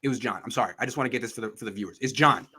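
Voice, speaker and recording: A man's voice: mid-range voice, rapid-fire, breathy edge. A man hosting a sports podcast, talking casually and animatedly, acting out quotes as he goes. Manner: animated, acts out quotes in voices. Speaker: podcast host.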